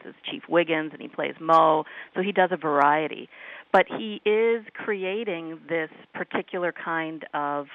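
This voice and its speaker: A woman, a guest expert in a radio interview, explaining accents in a measured way with fillers. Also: sits low, no echo. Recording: tinny phone line.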